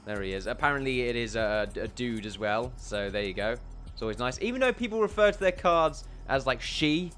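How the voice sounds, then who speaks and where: Man, let's play commentary, chatty and rambling, middle pitch, faint music underneath. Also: animated, brisk, fairly bright tone. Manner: chatty, rambling, jokey asides. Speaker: gameplay commentator.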